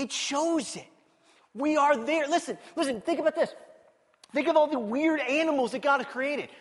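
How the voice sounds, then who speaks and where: A male pastor preaching a sermon, animated and playful, telling stories and asking the congregation questions. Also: extremely high pitch. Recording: long reverb of a large hall.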